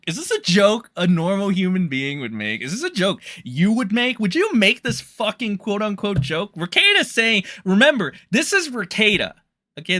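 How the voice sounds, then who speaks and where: A man ranting through livestream commentary, swearing and exasperated. His pitch swings widely between low mutters and sharp high outbursts. The sound is dry and close. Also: no echo. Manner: profane, heated, exasperated outbursts.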